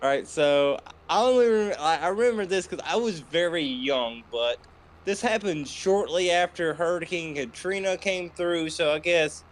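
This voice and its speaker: A man's voice: on the high side, normal speed. A man chatting on a gaming livestream, telling an easygoing story. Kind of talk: casual chat while gaming.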